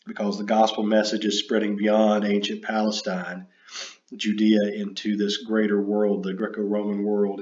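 A man giving an unscripted lecture, halting and full of fillers and self-corrections. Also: lowish voice. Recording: dull roomy recording.

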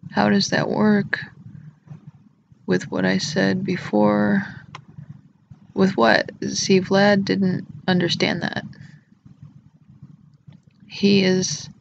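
Slow, gravelly rambling vlogger. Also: medium pitch, completely flat delivery, muffled recording, a little hiss or hum. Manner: erratic, giggly, jokey and crude. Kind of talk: rambling solo vlog talk.

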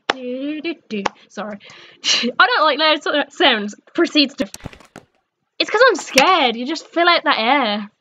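A young woman with a high, bright voice talks through a horror game, cursing and jumping from scared yelps to grumbling mutters. The sound is a little dull, with a faint hiss behind her. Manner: jumpy, sweary, swinging between shrieks and mutters. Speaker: gaming streamer.

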